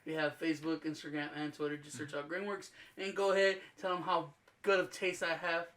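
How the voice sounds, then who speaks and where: A man's voice: a little high, level tone, brisk, fairly bright tone. A young man co-hosting a podcast, telling a story with lots of laughing and swearing. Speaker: podcast co-host. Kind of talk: casual chat.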